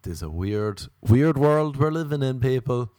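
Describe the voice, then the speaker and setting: A man's voice: mid-range voice, expressive, measured pace, mellow, no echo, clean studio sound. A young Irish man telling rambling, self-mocking comic stories in a wry, chatty way. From Ireland.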